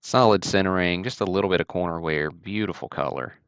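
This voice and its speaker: The male host of a card-break livestream, from Alabama, gives casual, easygoing running commentary in a very low, gravelly voice. His chatty delivery is relaxed yet brisk, with no room sound.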